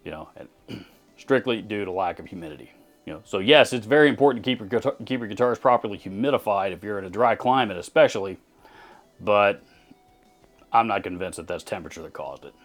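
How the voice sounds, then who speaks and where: A man's voice: fairly low pitch, brisk, soft background music. A man from Texas hosting a channel, answering viewer comments in blunt, sarcastic casual commentary with many restarts.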